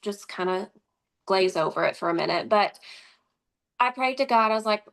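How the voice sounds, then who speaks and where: Midwestern woman guest, lively conversational storyteller who voices the people she quotes. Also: mid-range voice, moderate pace. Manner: animated, acts out quoted dialogue. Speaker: interview guest.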